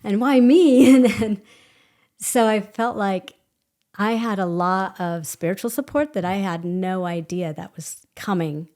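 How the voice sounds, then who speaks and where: A woman guest telling a personal story in an animated way, laughing often and acting out quoted voices. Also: medium pitch, a little slow. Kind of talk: conversational storytelling.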